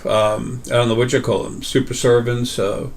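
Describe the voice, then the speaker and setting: A man's voice: mid-range voice, level tone, normal speed. A man hosting a casual metaphysical talk, rambling with many fillers and restarts. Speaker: host.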